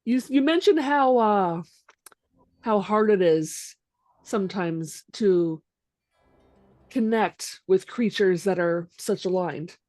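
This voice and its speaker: Female player, relaxed short answers, dry close sound, soft music behind. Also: mid-range voice, slow pace, long pauses, no room sound. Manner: easygoing, brief replies. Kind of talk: casual tabletop play.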